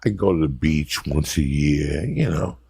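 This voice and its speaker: An older man hosting a podcast, talking bluntly and gruffly in casual chat. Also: very deep voice, unhurried, mellow, no room sound, clean studio sound. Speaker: podcast host.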